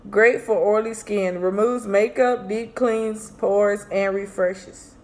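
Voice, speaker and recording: A young woman vlogging a casual product review, chatty and excitable, often calling her viewers y'all. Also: mid-range voice, slow pace.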